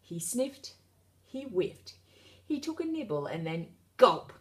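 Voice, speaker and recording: A woman reads a children's picture book aloud with lively, expressive narration. Her pitch swoops up and down as she tells the story. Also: slow.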